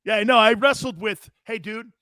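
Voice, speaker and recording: A middle-aged man hosts a sports talk show in a brash, boastful, casual way, often breaking into loud laughs. His voice sits a little high and sounds forceful and bright. The sound is dry and close. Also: fairly even intonation, moderate pace, no room sound. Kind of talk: casual live-stream talk, reading chat.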